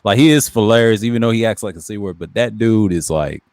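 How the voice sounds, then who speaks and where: A man's voice: on the low side, fast, a little mellow, no echo, studio quality. An American man hosting a casual stream, laid-back and playful, often laughing. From United States. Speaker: streamer host.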